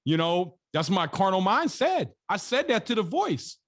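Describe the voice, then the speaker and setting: Man, high voice, American, emphatic storyteller, colloquial, repeats himself for emphasis. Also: sing-song, normal speed. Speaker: podcast guest, real estate investor. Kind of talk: storytelling in an interview.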